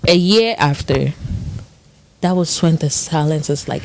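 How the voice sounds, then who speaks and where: A woman's voice: low voice, measured pace, gravelly, darkish tone, a little hiss or hum. A woman in her thirties in casual podcast chat, telling an emotional story with lots of quoted voices. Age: 30s.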